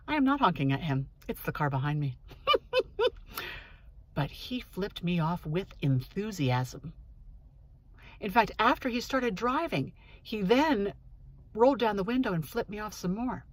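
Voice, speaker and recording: A woman hosting her own show, telling a personal story in a candid, earnest monologue while sitting in her parked car. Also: on the low side. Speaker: host. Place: parked car in a parking lot.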